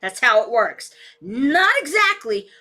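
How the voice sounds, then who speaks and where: A woman's voice: fairly high pitch, very animated, a little slow, sharp tone. A woman live-streaming casual commentary from a cluttered home room on a desk mic, blunt and swearing often. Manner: blunt, heavy swearing, talks back to her dog. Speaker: political live-stream vlogger. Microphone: desk microphone with camera. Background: dog barking and moving.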